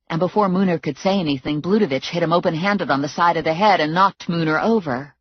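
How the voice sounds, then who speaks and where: A woman with a low voice reads a first-person audiobook in a brisk, wry manner. The sound is close and dry. The recording is slightly muffled. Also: dry recording. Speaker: audiobook narrator.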